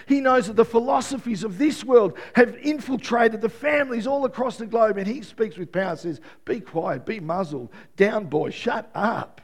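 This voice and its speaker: High-voiced male pastor preaching. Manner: builds to loud exclaiming, then drops to quiet prayer tone. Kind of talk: sermon. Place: church with live congregation.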